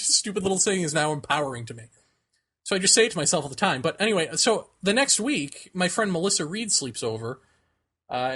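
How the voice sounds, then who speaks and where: A man's voice: fairly high pitch, a bit bright. A man co-hosting a podcast, telling a long personal story in casual chat, laughing often and acting out the voices of the people he quotes. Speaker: podcast co-host.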